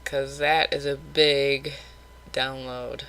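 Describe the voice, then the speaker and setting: Woman vlogger, candid rambler, bright voice. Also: a bass voice, level tone, slow, smooth, low-quality recording. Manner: rambling, candid, self-critical. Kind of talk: casual late-night vlog.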